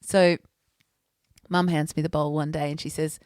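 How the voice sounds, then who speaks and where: A woman's voice: on the low side, sing-song, unhurried, no echo, clean studio sound. A woman co-hosting a podcast, telling stories in casual chat and laughing often. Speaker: podcast co-host.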